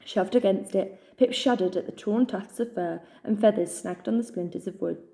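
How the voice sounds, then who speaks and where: A woman reading a children's novel aloud in a measured storytelling manner. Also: medium pitch, creaky, warm tone. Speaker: reader.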